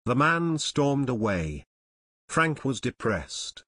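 A man reading an unabridged audiobook aloud as its narrator, in steady scripted narration. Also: mid-range voice, takes it slowly.

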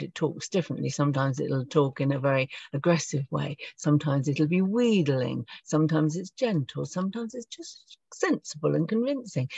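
Soft-spoken woman leading a meditation. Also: low voice, vocal fry, husky, no room sound, highs cut off. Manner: soft, reflective, gently guiding. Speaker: meditation leader. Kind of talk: gentle spiritual talk. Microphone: video call.

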